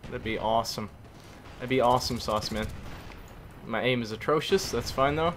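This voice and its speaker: A hoarse young man giving excitable gameplay commentary, groaning and exclaiming at his teammates. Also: medium pitch, moderate pace, a little hiss or hum. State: hoarse, losing voice. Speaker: gaming YouTuber. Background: faint gunfire from the game.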